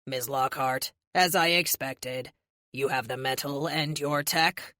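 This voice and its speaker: A woman voicing a cold, polite male android villain leader in an audiobook, speaking in a slow, smug, measured way. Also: rumbling low, fairly even intonation, sharp tone, no room sound, clean studio sound, voice pushed down, full character voice. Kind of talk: audiobook character voice.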